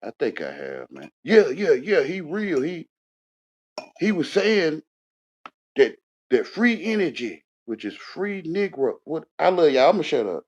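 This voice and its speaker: A man rants and scolds, repeating himself as he swings between loud outbursts and low mutters. His pitch jumps around a lot. The audio is dull and lo-fi. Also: sing-song, measured pace, slightly rough. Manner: repetitive, confrontational, swings from shouting to muttering. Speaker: panel speaker. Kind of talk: heated casual rant. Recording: dull lo-fi sound.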